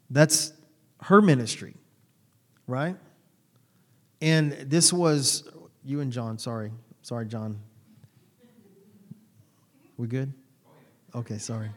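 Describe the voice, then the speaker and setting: Man preaching in a loose, rambling way. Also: medium pitch. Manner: conversational, rambling with restarts and asides. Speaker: pastor. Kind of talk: sermon.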